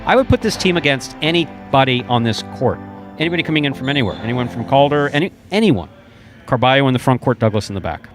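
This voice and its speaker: A man's voice: mid-range voice, fast talker, soft background music. A man doing live jai-alai commentary, opinionated and teasing, calling the play with energy. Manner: opinionated, teasing, animated calls. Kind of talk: live sports commentary and banter.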